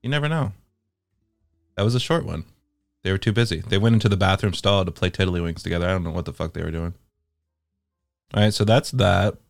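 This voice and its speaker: A man's voice: low-pitched, fairly quick, creaky, long pauses, no echo, studio quality, faint music behind. A man giving casual, wry and profane commentary as he explores social game worlds.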